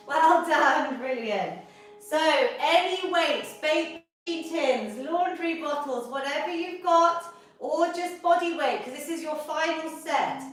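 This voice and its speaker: A woman's voice: high-pitched, takes it slowly. Upbeat woman coaching a workout class. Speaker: fitness instructor. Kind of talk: live online exercise class. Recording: echoey room from far off.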